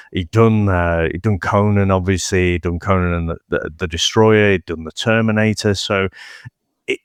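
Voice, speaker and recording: A man's voice: fairly low pitch, dry recording, clean studio sound. A man co-hosting a casual film-review chat, talking animatedly and swearing now and then. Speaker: podcast co-host.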